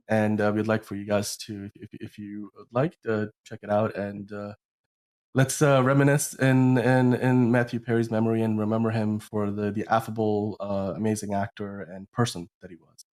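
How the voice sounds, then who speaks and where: A man's voice: lowish voice, little pitch movement, normal speed, a little mellow. A man hosting a podcast in a casual chat, rambling with lots of fillers and restarts while sounding sick. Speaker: podcast host.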